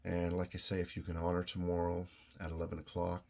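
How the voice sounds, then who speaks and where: A middle-aged man from Canada speaks to his viewers in a low, deep voice. He talks slowly and earnestly, full of pauses, fillers and restarts, and he sounds moved. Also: completely flat delivery, gravelly, darkish tone. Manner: halting, many fillers and restarts, emotional. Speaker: video host. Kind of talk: casual direct-to-camera talk.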